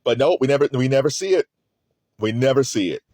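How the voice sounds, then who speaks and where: A man gives loose, rambling commentary on a trial. His pitch jumps around a lot and he laughs often between thoughts. The sound is close and dry, with no room around it. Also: lively intonation, quick pace, darkish tone, no echo. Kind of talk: casual commentary.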